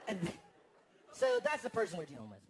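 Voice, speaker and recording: A man doing stand-up comedy, animated and acting out the voices of his friends. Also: high-pitched, fairly quick, background noise. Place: large theater with a live audience. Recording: live stage recording with a crowd. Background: audience laughter.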